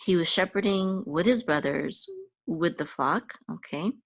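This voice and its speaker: A woman's voice: fairly low pitch, unhurried, no echo. A woman teaching a language lesson, patiently explaining each step with frequent fillers and check-ins. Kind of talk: casual lesson walkthrough.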